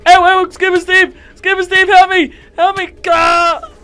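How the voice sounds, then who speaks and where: A man's voice: high-pitched, animated, normal speed, a bit bright. A man voicing an anxious, talkative young male shark hero in a Minecraft role-play, stammering and rambling when scared. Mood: panicked shouting.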